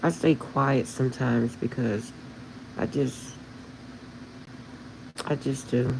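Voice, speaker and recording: A woman's voice: very deep voice, fairly even intonation, slow, vocal fry, background noise. A woman hosting a spiritual livestream, talking to her viewers in a heartfelt, emotional way. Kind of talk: casual livestream chat with viewers.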